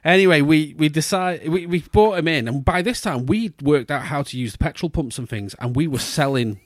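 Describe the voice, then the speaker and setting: A man's voice: fairly high pitch, moderate pace, dry recording. Rambling man telling a story, dry mic. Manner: rambling anecdotes with restarts, slips into posh put-on voices. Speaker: podcast host. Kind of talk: casual storytelling chat.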